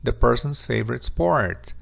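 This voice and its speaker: A man's voice: medium pitch, animated, unhurried, creaky, a bit bright. A man teaching an English grammar lesson, patiently repeating example questions and answers, speaking English as a non-native with Portuguese as his first language.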